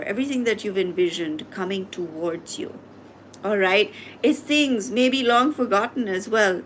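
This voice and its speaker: A woman reads tarot cards live in a mid-pitched voice, speaking straight to her viewers and pressing them with repeated questions. The recording carries a faint hum of background noise. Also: fairly bright tone. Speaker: tarot reader. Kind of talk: live tarot reading and coaching.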